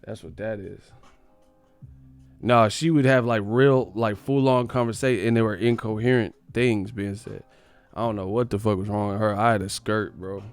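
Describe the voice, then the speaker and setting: Male stream host, gravelly voice, mid pitch, dry mic, faint music bed. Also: moderate pace, dry recording. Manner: profane, emphatic, animated. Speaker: boxing livestream host. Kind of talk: casual storytelling on a livestream.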